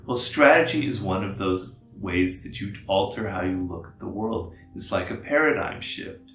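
Man, lowish voice, measured explanatory monologue, roomy echo, faint guitar underneath. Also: expressive, fairly bright tone. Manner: measured, repeats phrases for emphasis. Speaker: author speaking on strategy.

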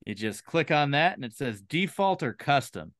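A man's voice: fairly high pitch, very animated, normal speed, a bit bright, no echo, studio quality. A man as a comedian guest on a casual podcast, jokey and giving step-by-step instructions with mock confidence.

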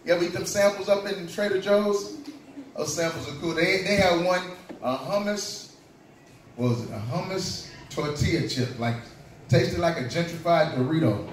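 A man's voice: sits high, moderate pace. A man from Kentucky doing a loose, profane stand-up set in a comedy club. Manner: loose, profane storytelling with punchlines. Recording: very echoey club from far off, noisy. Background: club crowd laughing.

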